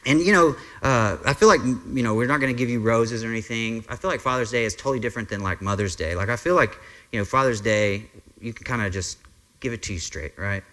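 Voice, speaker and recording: A man's voice: medium pitch, fast, fairly bright tone. A man preaching a Sunday sermon as pastor, talking in an earnest, conversational way with frequent fillers. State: briefly emotional. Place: church sanctuary.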